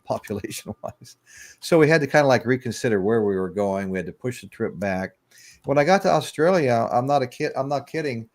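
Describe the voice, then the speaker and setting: Rambling older man hosting a livestream. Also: lowish voice. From United States. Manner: rambling storyteller, chuckling, greets chat viewers. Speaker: livestream podcast host. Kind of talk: casual livestream chat.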